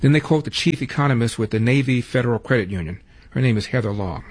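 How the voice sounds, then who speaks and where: A man's voice: mid-range voice, animated, fast talker, slightly rough. A man hosting a talk radio show, running through headlines with wry, sarcastic asides.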